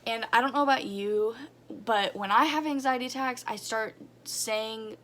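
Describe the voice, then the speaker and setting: A woman's voice: a little high, normal speed, fairly bright tone. A young woman vlogging about her own experiences, candid and rambling, with many fillers. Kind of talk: personal story vlog.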